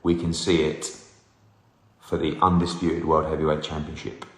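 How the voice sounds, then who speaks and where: A forties-aged man hosts a casual live Q&A, reading fan comments aloud and teasing the fans who sent them. His pitch is extremely low and his tone level, at a moderate pace. The recording is roomy, with a long reverb.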